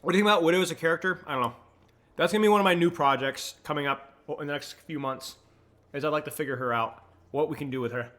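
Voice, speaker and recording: A young adult man streaming from home at a desk mic, breaking down match plays in quick analytical commentary, then chatting with viewers in a relaxed way. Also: on the high side. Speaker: streamer and coach. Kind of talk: casual match analysis and chat. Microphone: desk microphone.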